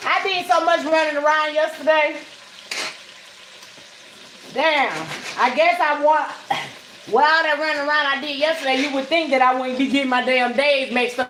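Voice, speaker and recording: A woman's voice: sits high, steady tone, normal speed, pauses often, a bit bright, slight background noise. A woman chatting straight to her viewers while cooking in her home kitchen, salty-tongued and casual. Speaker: home cook vlogger. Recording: echoey kitchen with frying sizzle.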